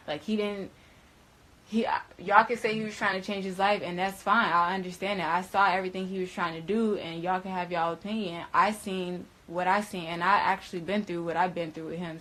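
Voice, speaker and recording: A woman's voice: fairly low pitch, a bit bright, rough recording. A young adult woman telling a personal story straight to camera, emphatic and profane, full of slang and stumbling repeats. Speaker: storyteller recounting a personal ordeal.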